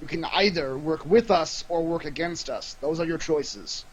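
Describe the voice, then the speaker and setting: A man's voice: on the high side, moderate pace, slightly rough, poor audio. A man playing a tabletop game in character, giving stern, formal commands. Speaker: player.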